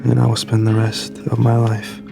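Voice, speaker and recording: A tender, earnest romantic lead. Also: male voice, medium pitch, completely flat delivery, normal speed, gravelly. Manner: sincere, tender. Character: earnest young man, devoted romantic lead. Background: film score music.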